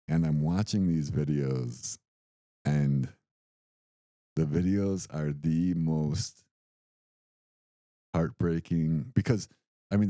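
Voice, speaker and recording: In casual podcast chat, a young man co-hosting the show tells an animated story and acts out what people said. His voice rumbles low, with no room sound.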